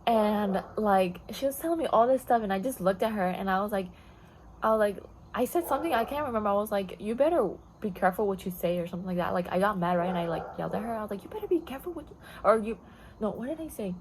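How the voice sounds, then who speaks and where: A woman's voice: medium pitch, fast, background noise. A woman vlogger telling a storytime in a rambling, blunt way, full of fillers and swearing, slipping into Spanish now and then. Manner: code-switches into Spanish. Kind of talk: casual storytime chat.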